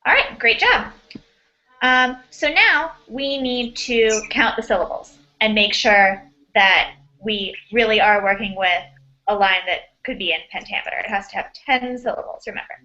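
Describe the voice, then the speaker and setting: A woman teacher leads an online class with a higher, bright and forceful voice. She sounds upbeat and quick to praise. The video-call audio is dull and lo-fi.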